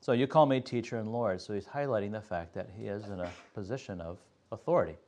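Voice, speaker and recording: A man teaching a Sunday school Bible class, explaining step by step in an earnest way with frequent pauses. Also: lowish voice, a little mellow.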